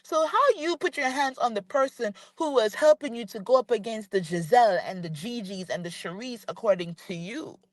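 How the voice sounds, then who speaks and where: A woman's voice: a little high, dry recording. Woman going off in a commentary vlog, talking right at the person she's calling out, says stuff twice, dry close sound. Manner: ranting, talking straight to the person she criticizes; emphatic, repeats points. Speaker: reality TV commentator.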